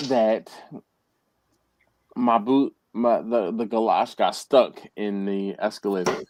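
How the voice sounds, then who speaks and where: A man's voice: fairly low pitch, takes it slowly, slight background noise. A man hosting a live chat, telling a childhood story in a rambling way with frequent laughs. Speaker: host. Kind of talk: casual live-stream chat.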